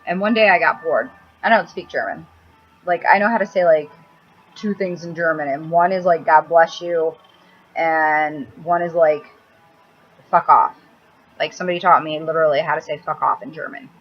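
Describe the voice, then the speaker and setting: Cranky, foul-mouthed woman with a low voice. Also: a little fast, faint music behind. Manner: blunt, crude, cranky, swears freely. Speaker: makeup vlogger. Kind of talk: rambling casual vlog. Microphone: laptop mic. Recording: slightly dull laptop audio with faint hiss.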